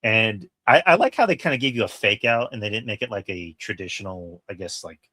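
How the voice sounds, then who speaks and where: A man with a low voice and a forceful, bright edge, telling a story on a casual review show. He swears often and puts weight on the big moments. The sound is dry and close. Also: lively intonation, fairly quick, dry recording. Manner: profane, emphatic retelling. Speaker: podcast co-host. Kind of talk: casual film review chat.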